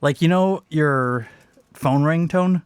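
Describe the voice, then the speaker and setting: A man co-hosts a live podcast, chatting casually as he tells animated stories, reads the news and laughs often. His voice is a little high and slow-paced, with a clean tone captured in a dry, studio-quality recording.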